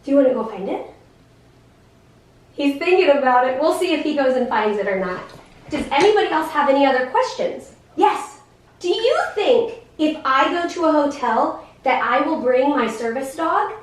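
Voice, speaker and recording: A woman in her thirties explaining things to a class of children, in an animated, sing-song, teacherly way with many questions. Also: high-pitched, moderate pace. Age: 30s. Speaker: guest speaker in a special education class. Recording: echoey classroom, voice from far off.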